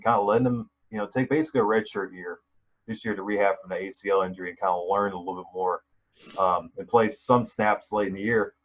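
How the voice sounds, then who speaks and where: A man's voice: lowish voice, rough recording. A man hosting a sports podcast, talking casually and rambling with many fillers and restarts. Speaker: podcast host.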